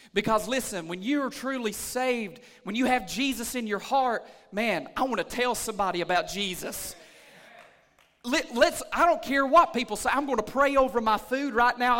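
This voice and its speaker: A pastor with a strikingly high, bright male voice preaches a sermon to his church, starting in plain, calm speech and building to loud, hollered preaching. The long reverb of a large sanctuary surrounds his voice.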